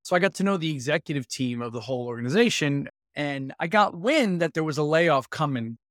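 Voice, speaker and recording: A man's voice: fairly high pitch, fairly quick, no echo, studio quality. A man in his fifties, a guest telling stories from his career in a casual interview and acting out what people said to him. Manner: lively storyteller who acts out quoted dialogue. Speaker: guest, executive consultancy founder.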